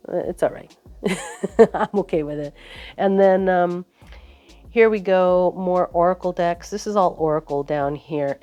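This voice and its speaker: Low, mellow woman chatting casually. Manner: rambling, chatty, with many fillers and restarts. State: out of breath. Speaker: vlogger giving a desk tour. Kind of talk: casual chat.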